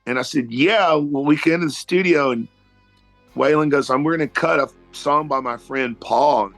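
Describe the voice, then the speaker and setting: A man at a middle pitch tells a backstage tale like he's at a bar with friends. His talk is loose and salted with curses. Faint music sits under the voice. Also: moderate pace, vocal fry. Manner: animated storyteller, salty language. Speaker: guitarist telling a story. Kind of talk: casual anecdote.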